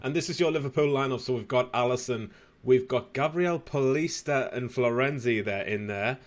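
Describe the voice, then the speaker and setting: A young man commentating his own football video game, slightly hoarse, bursting into shouts and laughter at goals. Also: mid-range voice, moderate pace. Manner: excitable, shouts at goals, casual swearing. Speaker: gaming youtuber.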